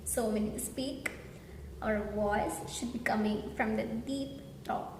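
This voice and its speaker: A woman's voice: fairly high pitch, fairly even intonation. Woman tutor, earnest pronunciation lesson, reverberant room with a faint hum. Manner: earnest, slow demonstrating of example words. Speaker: English pronunciation teacher.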